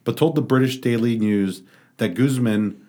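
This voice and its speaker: A man's voice: medium pitch, moderate pace, dark tone. A man co-hosting a casual group chat, joking around and reading news stories aloud. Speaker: podcast co-host.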